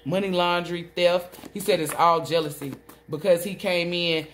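A woman giving a solo tarot reading, rambling excitedly and swearing as she relays messages she says come from a spirit. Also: on the low side, moderate pace, soft background music. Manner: swoops between loud outbursts and muttering. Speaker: tarot reader.

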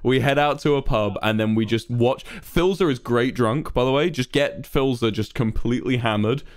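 A young English man streaming, chatting casually, joking and swearing. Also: mid-range voice. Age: young adult. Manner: joking, swearing, quick to laugh. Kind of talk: casual chat.

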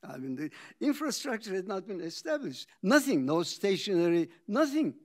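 An older man with a slightly higher voice recounts how he founded his company. He pauses for effect and acts out the conversations he remembers. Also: sing-song, darkish tone. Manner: dramatic pauses, acts out quoted dialogue. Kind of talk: reflective storytelling talk.

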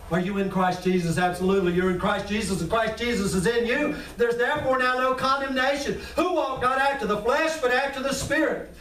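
High-voiced man preaching in an echoey church. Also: brisk, few pauses, fairly bright tone. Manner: impassioned, preaching, calls to the congregation. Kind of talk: sermon. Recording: echoey room, mic at a distance.

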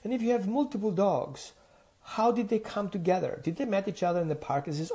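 A Mediterranean dog trainer delivers an animated teaching monologue packed with rhetorical questions and acted-out dialogue. His voice is high and he speaks a little fast.

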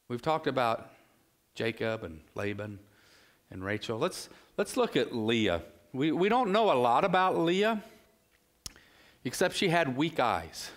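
A middle-aged male pastor preaching a sermon in a relaxed, conversational way, full of rhetorical questions and asides. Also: mid-range voice.

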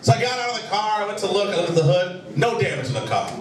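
A man's voice: sits high, sing-song, fast talker. A man doing a stand-up comedy set, telling a profane story with an exasperated edge and acting out bits of dialogue. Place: bar comedy stage before a live audience. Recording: echoey room, distant mic, loud crowd laughter.

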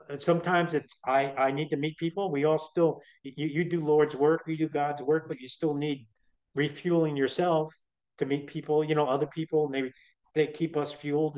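A middle-aged man with a slightly high voice tells his story as an interview guest. He rambles and chats, often stumbling over repeated restarts, and the recording sounds dull and lo-fi. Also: a little mellow. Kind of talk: casual storytelling.

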